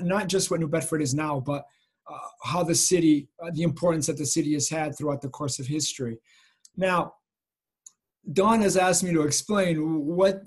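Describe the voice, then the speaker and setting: Earnest middle-aged man, slightly high voice. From Massachusetts. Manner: earnest, many fillers, reflective. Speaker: photojournalist guest speaker. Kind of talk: informal lecture. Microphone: video call.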